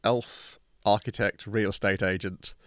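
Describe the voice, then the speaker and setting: A man's voice: fairly low pitch, steady tone, measured pace, a bit bright, no room sound. A man co-hosting a casual podcast, recapping an episode steadily and agreeing often. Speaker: podcast co-host. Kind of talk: casual chat.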